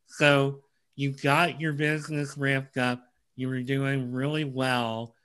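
Slow, smooth, bright-voiced male host. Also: mid-range voice. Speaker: interviewer host. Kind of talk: interview questions.

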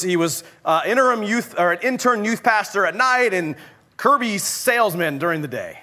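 A young adult male pastor telling a story in a sermon, animated and often laughing at his own anecdote. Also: high voice, moderate pace.

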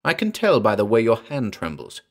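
A man's voice: on the low side, wildly swooping pitch, normal speed, heavily acted. Sniffing, accusing young woman, voiced by a male reader. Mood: scornful. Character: scornful pale young woman.

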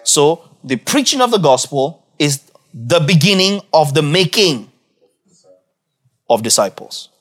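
A man preaching a Bible teaching, asking his audience questions, repeating key phrases, and swinging between quiet low asides and loud emphatic peaks. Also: big pitch swings, measured pace. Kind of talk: sermon-style Bible teaching.

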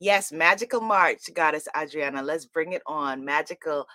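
A woman's voice: low voice, normal speed, pushed and bright, dry recording. A woman hosting a spiritual livestream, exuberant and affirming, reading out viewer comments and repeating phrases. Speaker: livestream host.

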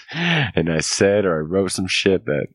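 A man's voice: deep voice, no echo. A young man co-hosting a podcast, talking casually, swearing a lot and laughing often. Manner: profane, animated, laughs often. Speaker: podcast co-host.

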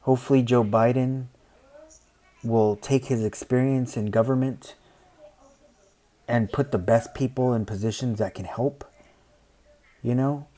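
A man speaking his mind in a casual monologue, rambling, saying "you know" often and acting out other people in quick asides. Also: medium pitch, steady tone, dark tone. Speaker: commentator.

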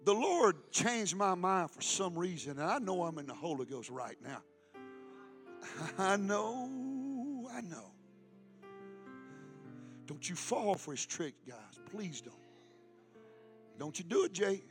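Fervent high-voiced pastor preaching. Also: male voice, very animated, takes it slowly, pauses often, soft background music. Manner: fervent preaching, swinging from loud calls to hushed asides. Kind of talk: sermon.

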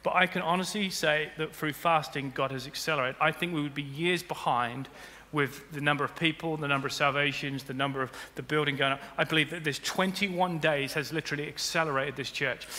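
A man preaching a sermon as pastor, building to loud emphatic peaks. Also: on the high side, steady tone, a little fast, hardly any pauses, a little hiss or hum. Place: church auditorium. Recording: long hall reverb with faint music.

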